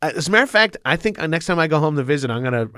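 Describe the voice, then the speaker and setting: A man's voice: on the high side, animated, racing, fairly bright tone, no room sound, clean studio sound. Rambling, swearing man from Long Island. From Long Island, New York. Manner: loose, rambling, swears and laughs often. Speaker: podcast guest. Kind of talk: casual storytelling chat.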